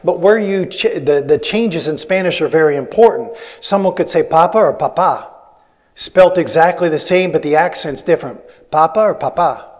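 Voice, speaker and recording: A man's voice: a little high, a little fast, hardly any pauses. A man preaching a sermon as a missionary, telling stories in a rambling way with many restarts. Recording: long hall reverb.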